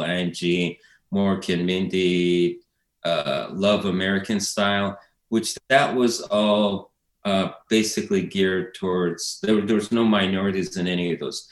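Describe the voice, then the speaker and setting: Deep-voiced man in a roomy space. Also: fairly even intonation, unhurried. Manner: rambling, loose delivery with many fillers and restarts. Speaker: documentary filmmaker guest. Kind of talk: casual conversation. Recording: roomy echo.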